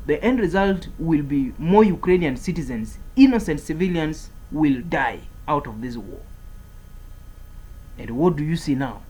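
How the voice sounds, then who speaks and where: A man's voice: fairly high pitch, expressive, unhurried, a little mellow, slightly rough, low-quality recording. A man giving a political commentary monologue, speaking in an emphatic, repetitive way as he declares and warns.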